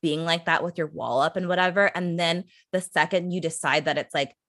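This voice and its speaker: A woman's voice: lowish voice, fairly quick, fairly bright tone, no echo, clean studio sound. A woman co-hosting a casual chat podcast, blunt and opinionated, swearing freely. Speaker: podcast co-host.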